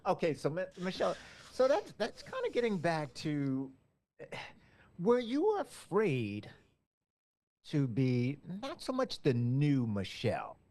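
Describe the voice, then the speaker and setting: Halting, encouraging male interviewer. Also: a little high, wildly swooping pitch, darkish tone. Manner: halting, many fillers and restarts, encouraging. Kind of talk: casual interview conversation.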